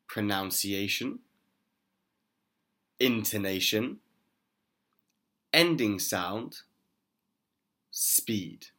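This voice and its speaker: Man reading slowly and deliberately for children. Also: on the low side, lively intonation, sharp tone. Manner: slow, deliberate, clearly enunciated for children. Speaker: school reading guide narrator. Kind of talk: scripted instructional reading.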